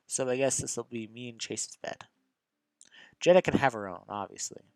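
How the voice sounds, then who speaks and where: A man's voice: medium pitch, normal speed, vocal fry, a little mellow, no room sound, natural voice. A man voicing a cheerful, eager young furry male creature in an amateur visual novel reading.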